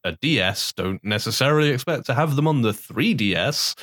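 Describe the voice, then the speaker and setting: Man, sarcastic ranting co-host, mid-pitched, dry close recording. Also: lively intonation, fairly quick, a bit bright, no echo. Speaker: podcast co-host. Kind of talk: casual chat.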